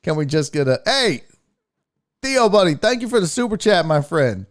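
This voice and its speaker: A man from the Houston area, hosting a casual live-stream chat and telling stories loudly with frequent laughter. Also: on the high side, normal speed. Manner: loud, laughing, animated storyteller. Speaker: host.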